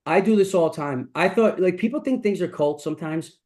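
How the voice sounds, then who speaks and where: A man's voice: high voice, fairly quick, darkish tone. A middle-aged man hosting a mastermind, giving a blunt, profane motivational talk that keeps returning to the same catchphrases. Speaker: mastermind host.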